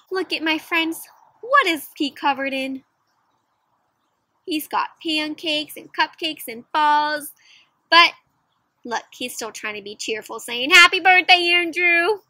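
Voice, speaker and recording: A young woman reads a picture book aloud to children in a high, bright voice as an interactive storyteller. She's animated, gasps at the surprises and keeps asking her listeners questions, all in a dry recording without room echo.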